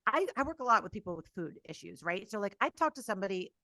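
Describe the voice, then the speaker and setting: A woman talking as a podcast guest and coach, energetic and blunt, swearing casually in candid conversation. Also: medium pitch, fast talker, no echo.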